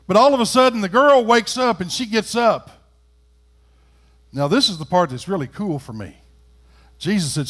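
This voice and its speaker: A middle-aged man with a drawl preaching in church, his voice sitting a little high for a man. He talks folksy and plain, then climbs louder and higher as he drives a point home. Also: brisk. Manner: folksy, swings from quiet to loud and rising. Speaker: pastor. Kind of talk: sermon. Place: church sanctuary.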